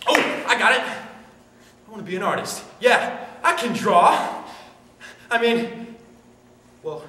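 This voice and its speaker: A young man performing a one-man show monologue on a university stage, animated and self-deprecating, often breaking into excitable outbursts. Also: high voice, takes it slowly. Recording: echoey hall, distant mic, noise.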